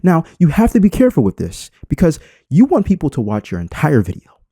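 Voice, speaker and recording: A man talks through an unscripted tutorial, and his pitch keeps leaping up and dropping back as he punches his points. His voice is mellow and warm, and it sits dry and close with no room around it. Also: huge pitch swings, fairly quick, slightly rough, no echo. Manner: unscripted, emphatic, swings inflection for effect. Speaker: YouTube creator. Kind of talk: screen-recorded tutorial talk.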